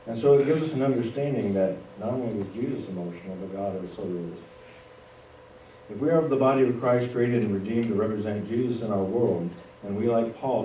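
Low-voiced preacher in an echoey church. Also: male voice, warm tone. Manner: conversational preaching, with asides to the congregation. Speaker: pastor. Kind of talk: sermon. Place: church sanctuary. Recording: echoey room, voice from a distance, faint noise.

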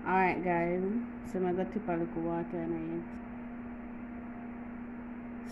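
A woman's voice: on the low side, completely flat delivery, unhurried, background noise. A woman with a Jamaican accent hosting a casual home how-to vlog, chatty and teasing, with frequent laughs. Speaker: YouTuber.

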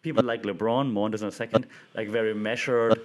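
A man's voice: lowish voice, steady tone, fast. A young man hosting a casual commentary show, talking with enthusiasm and acting out quotes in a livelier voice. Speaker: podcast host.

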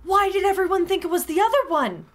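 A woman streamer gives live gameplay commentary in a very high voice, talking fast. She's excitable, often gasping, squealing, and swearing when something catches her off guard.

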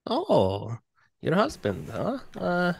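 A man playing a tabletop heist game, bluffing smoothly in character as he talks to the game master's characters. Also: sits high, wildly swooping pitch, slow. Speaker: player. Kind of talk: in-character tabletop role-play.

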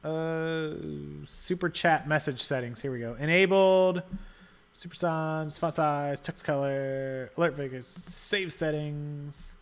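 This livestream host talks slowly in a clear, resonant voice that sits on the high side, keeping his intonation fairly even. He chats casually, rambling and thinking aloud as he tweaks settings and thanks viewers who donate.

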